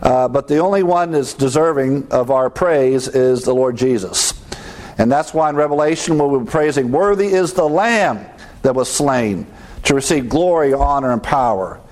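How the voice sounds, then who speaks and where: A man delivers a teaching sermon in a voice of ordinary pitch. He works through scripture point by point, asks his listeners questions and answers them himself. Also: normal speed, darkish tone, rough recording. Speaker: preacher.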